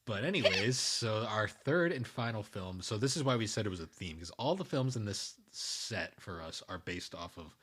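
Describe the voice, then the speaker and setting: A man's voice: on the low side, expressive, normal speed, few pauses, background noise. Laid-back man chatting on a podcast. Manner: rambling, laughs often, swears casually. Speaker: podcast co-host. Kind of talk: casual chat.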